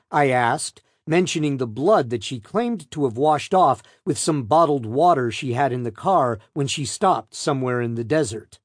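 Lively male narrator of a true crime book. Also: fairly high pitch, unhurried, few pauses, no room sound, studio quality. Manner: pointed, probing questioning voice. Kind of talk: first-person true crime audiobook narration.

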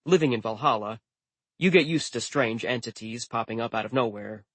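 A man's voice: mid-range voice, fairly quick, fairly bright tone, slightly rough, dry recording. A man narrating a story in the first person with a dry, wry manner. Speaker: audiobook narrator.

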